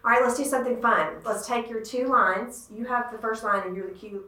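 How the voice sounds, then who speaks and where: A woman's voice: on the high side, fairly even intonation, brisk, pushed and bright, reverberant, low-quality recording. A woman theater director hosting a school podcast, enthusiastic as she guides the conversation. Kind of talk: casual podcast interview.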